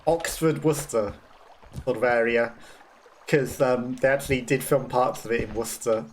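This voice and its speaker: At a moderate pace and in a steady, medium-pitched tone, this gamer gives chatty let's play commentary full of self-deprecation and frequent laughter. He has a Black Country accent and comes from the West Midlands, England. Slight background noise is present.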